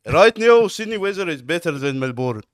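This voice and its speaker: A man playing a loud, chatty Arab uncle character in broken English with an Arabic accent. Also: fairly high pitch, big pitch swings, moderate pace, no echo, clean studio sound. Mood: friendly.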